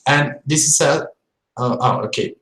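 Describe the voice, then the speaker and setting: A man's voice: a little high, steady tone, normal speed, fairly bright tone. Man teaching, echoey room. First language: Spanish. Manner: demonstrative, repeats sounds and words, checks in with viewers. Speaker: English teacher. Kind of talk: live-streamed pronunciation lesson.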